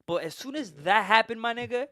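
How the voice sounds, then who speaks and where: A man's voice: very high voice, brisk, no room sound, clean studio sound. A man hosting a podcast, telling a long story in casual, profane chat and laughing as he goes. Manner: animated, profane, laughs through his story. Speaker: podcast host.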